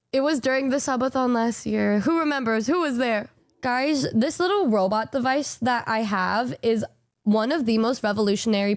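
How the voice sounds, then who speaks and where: A woman's voice: on the high side, no room sound, studio quality. A young woman streaming live, chatting casually and rambling, jet-lagged and sleepy, swearing freely.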